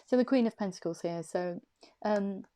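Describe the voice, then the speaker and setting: Woman doing a chatty tarot reading indoors, warm mellow voice, drawn-out phrases. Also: mid-range voice. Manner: chatty, drawn-out, laughs easily. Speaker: tarot reader. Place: room indoors.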